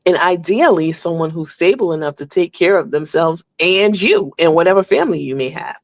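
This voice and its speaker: Woman host for a celebrity gossip rundown, blunt and candid, lots of fillers, gravelly edge, dry close sound. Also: fairly low pitch, expressive, fairly quick, dry recording. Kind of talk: casual celebrity gossip commentary.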